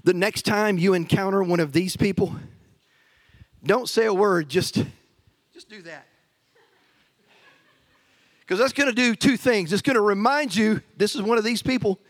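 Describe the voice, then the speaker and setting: A man with a strikingly high voice preaches to his congregation. He builds to fiery, emphatic exhortations and drops into playful asides. The sound is close and dry, with no room echo. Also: normal speed, pauses often. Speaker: pastor. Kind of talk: sermon.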